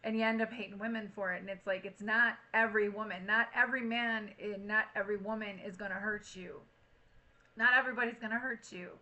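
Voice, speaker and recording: A woman giving a casual, chatty tarot reading to camera, frank and quick to swear. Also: medium pitch, fairly even intonation, bright, forceful tone, muffled recording. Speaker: tarot reader.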